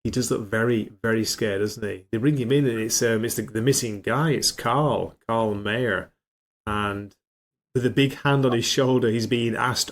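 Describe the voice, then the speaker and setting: A man's voice: medium pitch, normal speed. A man co-hosting a podcast, chatting casually about a comic book and sometimes doing voices for its characters. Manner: chatty, reads comic dialogue in put-on voices. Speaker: podcast co-host.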